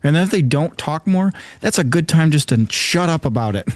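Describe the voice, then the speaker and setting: A man's voice: on the high side, lively intonation, fairly quick, no room sound, studio quality. A man co-hosting a podcast in a laid-back, casual chat, often acting out little quoted exchanges. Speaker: podcast co-host.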